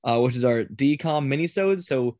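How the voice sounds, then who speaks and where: A man's voice: medium pitch, expressive, normal speed, darkish tone, no echo, studio quality. A man hosting a casual podcast, chatty and rambling, often laughing. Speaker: podcast host.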